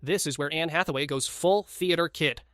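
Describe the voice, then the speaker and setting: A man's voice: fairly high pitch, normal speed, soft background music. A man giving short, punchy scripted voice-over narration for a celebrity clip compilation. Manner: short punchy commentary lines. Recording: loud background noise.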